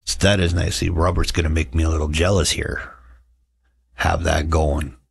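A man's voice: extremely low pitch, little pitch movement, moderate pace, gravelly, slightly rough, no room sound, clean studio sound. A middle-aged man hosting a casual livestream, chatting with viewers in a sarcastic, joking way and telling stories. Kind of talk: casual chat.

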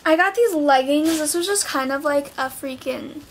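A woman's voice: sits high, normal speed, a little hiss or hum. A teenage girl chatting at home in a clothing haul vlog, bubbly and full of "like"s. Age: late teens. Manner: bubbly, chatty, filler-heavy talk with many "like"s. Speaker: vlogger. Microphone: built-in camera mic.

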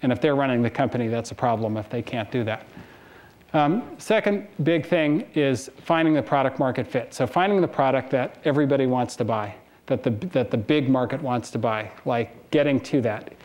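A man's voice: mid-range voice, normal speed, darkish tone. A man in his forties giving a casual conference talk to students, telling anecdotes and laughing between stories. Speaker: guest speaker. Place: lecture hall.

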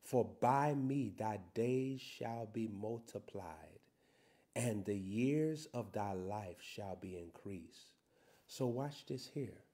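A man preaching a sermon, reading scripture slowly and building to loud, shouted emphasis. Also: mid-range voice.

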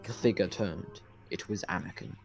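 Low-voiced man reading a novel aloud. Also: moderate pace, gravelly, soft background music. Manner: casual with fillers in the intro, then steady reading. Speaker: channel host and narrator.

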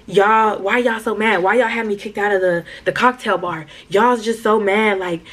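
A woman's voice: mid-range voice, fairly even intonation, normal speed, a bit bright, lightly acted. A young woman retelling the words of a pestering older male drifter, with an Atlanta accent, in a storytime vlog. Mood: taunting. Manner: taunting, repetitive.

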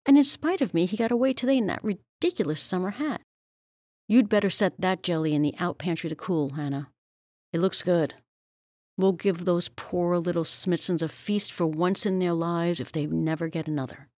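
A woman reading aloud as a proud, bustling older spinster who talks briskly and fussily. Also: lowish voice, darkish tone, no room sound, studio quality, close to an everyday voice. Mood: fussing. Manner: brisk, fussy, exclamatory.

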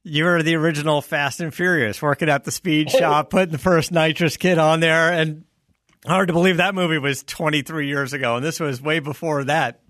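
A man with a slightly high voice hosting a relaxed podcast conversation. He also reads a sponsor spot in the same easygoing way. The sound is dry and close. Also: a little fast, no echo. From South Florida. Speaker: host. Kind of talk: casual chat with an ad read.

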